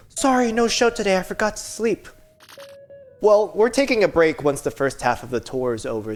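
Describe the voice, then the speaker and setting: A woman reading a chatty night-owl Octoling engineer. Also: low voice. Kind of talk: reading game dialogue aloud. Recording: game music behind voice.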